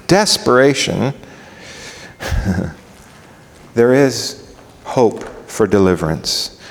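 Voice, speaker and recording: A man preaching a sermon, animated and acting out scenes in different voices. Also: mid-range voice. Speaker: pastor. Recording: long reverb of a large hall.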